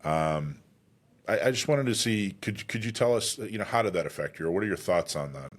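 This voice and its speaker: A man hosting a radio interview, speaking haltingly with frequent "uh"s and restarts. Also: low voice, expressive. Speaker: host.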